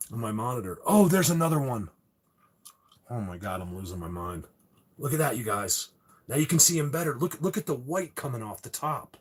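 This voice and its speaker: A man hosting a live video, talking excitedly and rambling straight to his viewers. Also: a little high, slightly rough. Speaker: livestream host.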